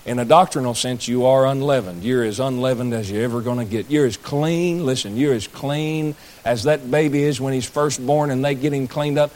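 A man's voice: mid-range voice, normal speed, darkish tone. A man preaching a sermon, folksy, with jokey asides to the congregation. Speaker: pastor.

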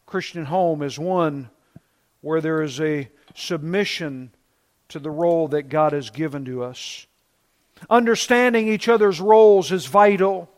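A pastor in his fifties preaches in a high, light voice. He is emphatic, and he drags out key words slowly to make them land. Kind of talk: sermon.

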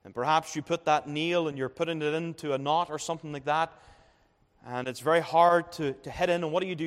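Emphatic high-voiced male preacher. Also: in a large hall. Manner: emphatic, repeats phrases, swells up to stress points. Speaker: pastor. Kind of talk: sermon. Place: church.

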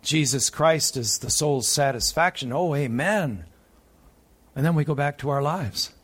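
A man preaching a sermon, moving between urgent raised passages and quiet, hushed ones. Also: a little high, expressive, measured pace. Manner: preaching with sharp swings from loud urgent peaks to hushed tones.

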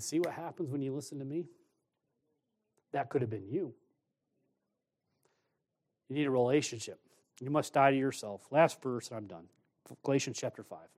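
A man preaching a sermon in a folksy, storytelling way, acting out lively bits of dialogue. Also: mid-range voice.

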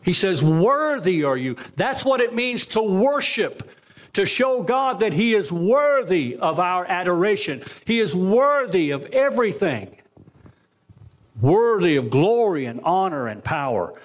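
A man preaching a sermon in a church, firing rhetorical questions at the congregation and swinging from loud to hushed. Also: sits high, big pitch swings, unhurried. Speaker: pastor. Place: church sanctuary.

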